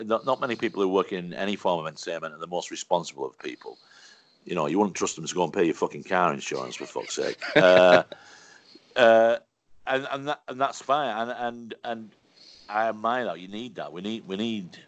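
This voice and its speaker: A man's voice: lowish voice, a bit bright. A man, a stand-up comedian telling rambling anecdotes, swearing freely and laughing as he goes. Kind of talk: casual conversational storytelling.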